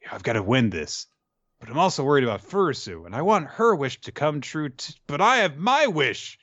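A man's voice: a little high, very animated, fairly quick, a bit bright, dry recording. A man quoting an earnest, torn young musician. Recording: dull lo-fi recording.

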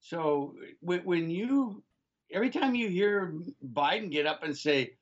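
An older man co-hosting a talk radio show from a remote spot away from the studio makes emphatic political points, calls his listeners "folks," and stumbles through frequent restarts. His voice is high-pitched and animated, at a measured pace, and the audio is dull.

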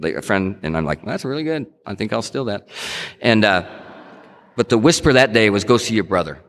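A man's voice: deep voice, fairly bright tone. A middle-aged man giving a personal testimony talk in a conversational storytelling way, acting out quotes and often restarting his sentences. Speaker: speaker sharing his recovery story. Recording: long hall reverb.

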